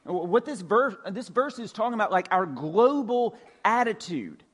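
A man preaching a sermon from the pulpit of a church, with a somewhat higher voice than most men. He talks in a relaxed, conversational way and often drops in casual fillers as he moves through his points. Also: a little slow, slightly rough. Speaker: pastor. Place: church sanctuary.

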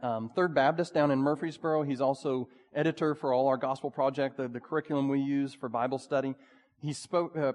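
A male pastor preaching a sermon, swinging between urgent pleading and hushed, quiet passages. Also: mid-range voice. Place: church sanctuary. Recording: long hall reverb.

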